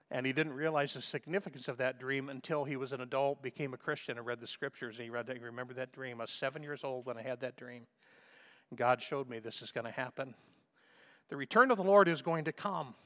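A man's voice: medium pitch, bright, forceful tone. A man preaching a sermon in an earnest, emphatic way, sometimes stumbling and restarting as he builds his points.

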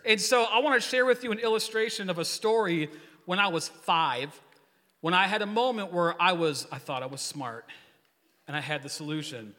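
A man in his forties, a youth pastor, preaching a casual, joking sermon to his church and leading the crowd in call-and-response. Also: on the high side. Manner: joking, energetic, rambling storyteller. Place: church hall. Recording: long hall reverb.

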